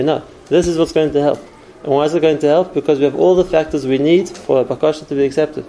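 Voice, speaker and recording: Man, Torah teacher, earnest explanatory delivery, dark gravelly tone, faint background noise. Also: on the high side, steady tone, quick pace, few pauses, rough recording. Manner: earnest, explanatory, uses numbered points. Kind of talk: spoken Torah class.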